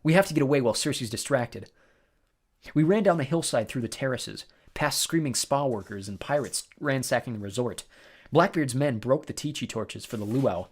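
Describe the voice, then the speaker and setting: A man giving expressive first-person storybook narration. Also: mid-range voice.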